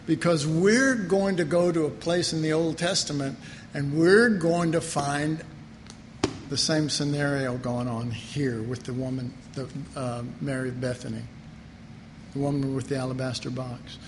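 A man with a high voice preaches, animated and emphatic, pressing his key points home. His voice rings through a reverberant hall with a faint background hum. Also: moderate pace. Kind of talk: sermon. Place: church hall.

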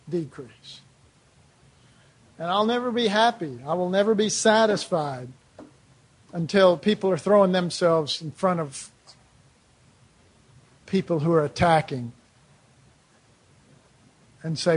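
A man's voice: high-pitched, expressive, slow, long pauses, breathy edge. A man preaching a sermon in a loose, conversational way, with lots of rhetorical questions and "you know"s.

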